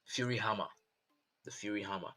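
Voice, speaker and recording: A man's voice: on the low side, steady tone, a little fast, bright, forceful tone. A man casting a live esports match, chatty and rambling, thinking aloud as he goes. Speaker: esports caster. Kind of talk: live game commentary. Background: game music.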